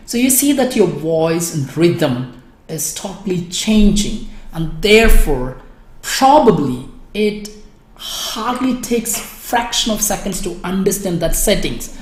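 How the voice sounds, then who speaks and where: A woman's voice: lowish voice, animated, unhurried, echoey room. A woman teaching an exam speaking class, explaining step by step and addressing her students by name. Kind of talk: online class lecture.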